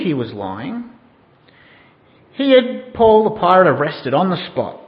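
High-voiced preacher in an echoing hall. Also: male voice, very animated, slow pace. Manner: asks the listeners questions. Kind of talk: sermon with storytelling. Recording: dull sound in a reverberant hall.

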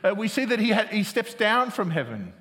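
A man's voice: sits high, very animated, fairly quick, a bit bright. A man preaching a sermon, reading scripture aloud and often asking his listeners "don't we?" as he goes. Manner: asks the congregation "isn't it?" often, with restarts. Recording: long reverb of a large hall.

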